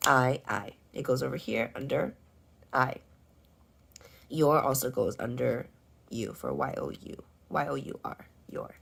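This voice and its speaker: A woman teaching first graders, going over their homework and spelling out sight words slowly and clearly. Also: very deep voice. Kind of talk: homework walkthrough lesson.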